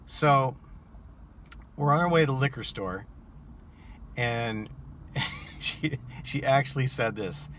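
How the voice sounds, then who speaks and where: A man who drives for rideshare apps, casually telling an animated, incredulous story to his viewers. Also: medium pitch, slow pace, pauses often, slight background noise.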